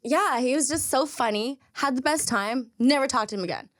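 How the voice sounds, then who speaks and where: A woman's voice: high voice, a little fast, fairly bright tone, dry recording, studio quality. Playful woman, joking and swearing. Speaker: podcast guest. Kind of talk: casual podcast chat.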